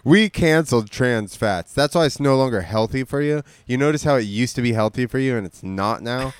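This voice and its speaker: Animated man with a smooth voice. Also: mid-range voice, fairly quick, dry recording. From Georgia, USA. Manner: animated, swearing, jokey. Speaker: podcast co-host. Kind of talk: casual chat.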